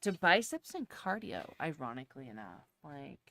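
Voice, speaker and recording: A woman co-hosting a lifting show, reading viewer comments aloud in a slow, halting way with many ums, and suffering from hiccups. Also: low-pitched, big pitch swings, pushed and bright, a little hiss or hum. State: has hiccups. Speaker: co-host reading viewer chat. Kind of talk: casual chat, reading comments.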